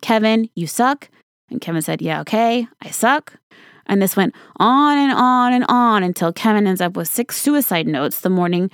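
A woman's voice: mid-range voice, vocal fry, no echo, studio quality. A woman telling a true story in a casual, conversational way, speaking straight to the listener. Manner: conversational, casual swearing, addresses listener directly. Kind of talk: storytelling monologue.

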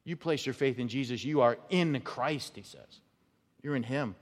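A pastor preaches a sermon in a church sanctuary, his medium-pitched voice at normal speed. He's emphatic, often repeating words to build a point, and a long hall reverb fills the recording.

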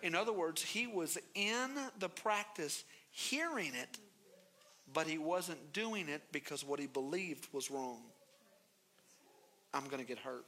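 A man preaching from the pulpit with a high, bright voice. He tells stories with playful energy and slips into the voices of the people in them, sometimes leaping up in pitch. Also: measured pace. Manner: animated, playful, acts out voices in his story. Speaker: pastor. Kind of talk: sermon with storytelling.

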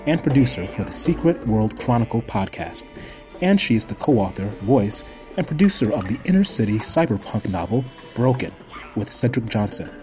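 A man as podcast announcer reading a narrator's bio in an even, measured way. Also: fairly low pitch. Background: faint music.

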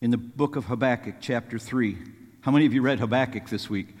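A man's voice: medium pitch, fairly quick, darkish tone, long reverb tail. A man preaching a sermon, earnest and rising to fervent pleading as he quotes scripture.

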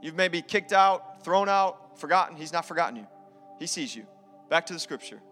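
A man's voice: a little high, animated, normal speed, a bit bright. A man preaching a sermon to his church, emphatic, mixing scripture reading with casual asides. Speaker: pastor. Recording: live sermon in a reverberant church hall with faint music.

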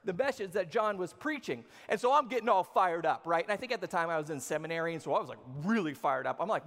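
A pastor in his thirties delivers a sermon in a casual, joking, conversational style, speaking directly to his audience. His voice sits high and sounds fairly bright, animated and fast with few pauses. A long hall reverb carries through the recording.

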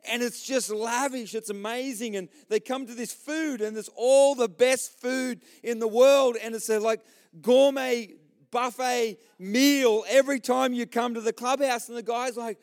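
A pastor with an Australian accent preaches a sermon during a church service, telling jokes and speaking directly to the congregation in a lively storytelling style. His voice is very high, at a normal speed.

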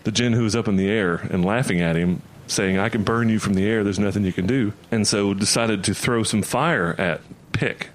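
A man's voice: on the low side, moderate pace, hardly any pauses. A man playing in a tabletop game who tells a story in character in a casual, easygoing way. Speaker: player.

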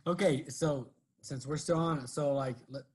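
A man chatting casually as a podcast co-host, telling a long story in loose, rambling sentences. He keeps filling the gaps with "like" and "you know", at an ordinary pitch for a man. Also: steady tone, normal speed, a little mellow. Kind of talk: casual chat.

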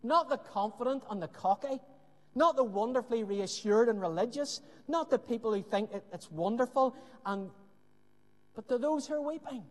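A man preaching a sermon with earnest emphasis and dramatic pauses, often dropping to a hushed voice. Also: very high-pitched, lively intonation. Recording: long hall reverb.

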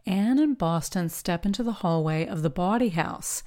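A woman giving a scripted, measured narration that analyzes an old western film with a wry edge. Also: lowish voice, animated, warm tone. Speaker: film commentator.

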